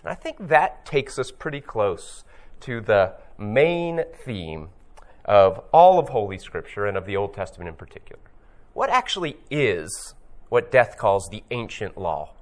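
A man teaching about scripture in a reflective, storytelling way, slowing down to stress key phrases. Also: on the low side, sing-song. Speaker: Bible teacher.

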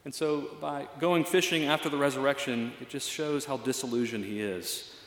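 A man's voice: medium pitch, moderate pace, fairly bright tone, roomy sound, in a large hall. A male pastor giving a reflective, conversational sermon with frequent fillers.

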